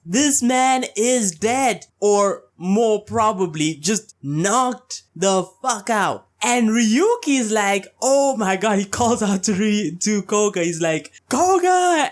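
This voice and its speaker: A man's voice: very high voice, a bit bright. A man reviewing a manga chapter in a casual, slangy way, loosely retelling the characters' lines.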